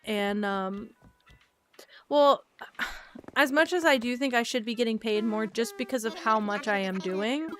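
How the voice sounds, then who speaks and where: Chatty young woman, high voice. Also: a little slow, long pauses, fairly bright tone. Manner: rambling, chatty, repeats silly words. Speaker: gaming vlogger. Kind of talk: casual chat while gaming.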